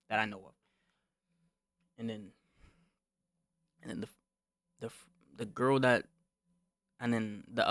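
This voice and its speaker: A man's voice: medium pitch, fairly bright tone, dry recording. A young man streaming, telling a casual storytime rant full of slang and swearing, repeating himself and calling the listener bro, often rising to heated outbursts.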